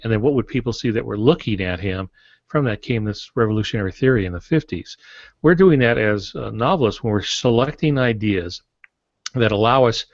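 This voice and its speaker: Male podcast co-host, even mid-range voice, explanatory anecdotes, dry lo-fi recording. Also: fairly low pitch, dry recording. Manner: explanatory storytelling, some hesitations. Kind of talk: casual writing podcast chat.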